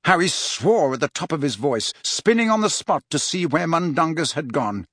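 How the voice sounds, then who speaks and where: A man narrating an audiobook in an expressive storytelling style on a close studio mic. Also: fairly high pitch, moderate pace, hardly any pauses, no echo. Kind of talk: scripted narration.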